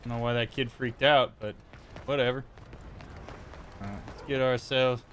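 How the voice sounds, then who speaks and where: A man hosting a video game playthrough, chatting about the game in a relaxed, amused way. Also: medium pitch, moderate pace, slight background noise. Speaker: therapist gaming host. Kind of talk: casual gameplay commentary.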